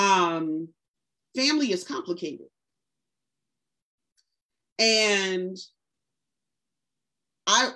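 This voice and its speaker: A woman in her forties, an author and educator, telling stories casually in a book discussion. She speaks in loose, vernacular phrasing and acts out the lines of people she quotes. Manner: casual and vernacular, acts out quoted speech with lively pitch jumps. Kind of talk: conversational storytelling in a book discussion.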